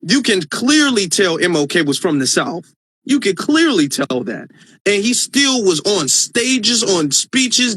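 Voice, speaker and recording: A man's voice: high voice, a bit bright, breathy edge, dry recording. A man hosting a casual live stream, talking earnestly and emphatically to his viewers, often restarting his sentences as he thinks aloud. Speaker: live-stream host reading viewer comments.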